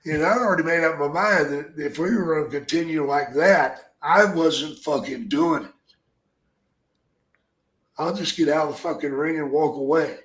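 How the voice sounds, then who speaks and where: A retired wrestler spins rough, cussing stories in a loose, rambling way. The man's voice sits fairly high for his sex. The sound rings around an echoey room. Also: moderate pace, a bit bright. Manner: gruff, profane, rambling anecdotes. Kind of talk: casual podcast storytelling.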